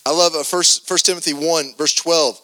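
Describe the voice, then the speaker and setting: A man preaching a podcast sermon, earnest and animated, reading scripture with emphatic stress and loose restarts. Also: a little high, moderate pace, poor audio.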